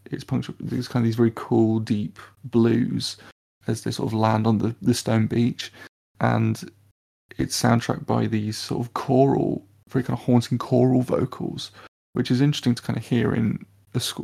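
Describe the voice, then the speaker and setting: A man's voice: medium pitch, flat delivery, moderate pace, gravelly, dark tone, husky. A man co-hosting a film podcast, reviewing a score in casual chat with many restarts. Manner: hesitant, many restarts and fillers. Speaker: podcast co-host.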